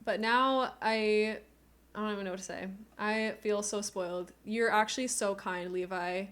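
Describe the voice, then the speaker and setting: A woman with a medium-pitched, slightly bright voice talks at a normal speed with fairly even intonation. She's a streamer casually chatting with her viewers from home on a cheap desk mic, gushing, emotional, close to tears and laughing a lot.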